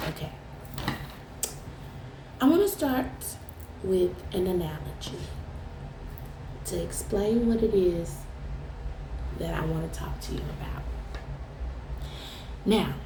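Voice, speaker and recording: Gravelly blunt woman in a roomy space. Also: fairly low pitch, background noise. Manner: blunt and profane, teasing viewers. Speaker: tarot reader. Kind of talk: casual direct-to-camera chat.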